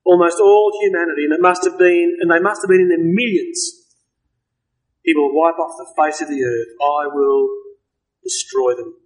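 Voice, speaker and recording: A man preaching a sermon, earnest and emphatic, slowing down to stress key words. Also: high voice, rough recording.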